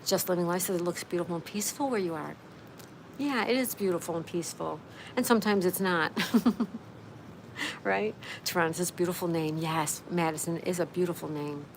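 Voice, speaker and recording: A woman with a fairly low voice hosts a relaxed livestream from outside, reading comments aloud and answering each viewer by name. Her tone stays easy and friendly. Clear background noise from the outdoors runs under her voice. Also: brisk, poor audio. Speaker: livestream host. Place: outdoors, with a view.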